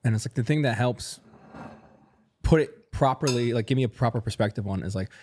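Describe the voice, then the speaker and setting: A man's voice: fairly quick, a little hiss or hum. A man co-hosting a casual podcast chat, enthusiastic and often tacking on "man" as he talks. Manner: enthusiastic, jumps high when excited, says "man" a lot. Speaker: podcast co-host.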